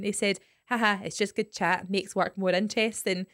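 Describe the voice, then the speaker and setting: A woman's voice: mid-range voice, fairly even intonation, fairly quick, fairly bright tone, clear, resonant tone. A woman co-hosting a podcast, chatting casually and telling stories by reading messages aloud. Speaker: podcast co-host. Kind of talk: casual chat.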